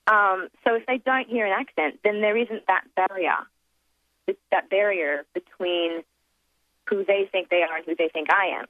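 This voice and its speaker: A woman's voice: medium pitch, normal speed, dry recording. Woman, reflective and chatty, fillers and restarts, tinny phone-line sound, dry and close. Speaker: guest, accent performer. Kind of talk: casual interview on a phone line.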